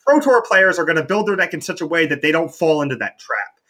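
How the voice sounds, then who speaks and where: A man's voice: a little high, very animated, fast, fairly bright tone. A man talking casually as a competitive card game player on a podcast, with frequent "like" fillers. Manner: chatty, heavy use of "like".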